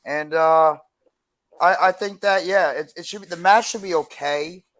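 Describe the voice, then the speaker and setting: A man co-hosting a casual wrestling chat with a slightly high voice. He lays out his reasoning calmly and in a measured way. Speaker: podcast co-host.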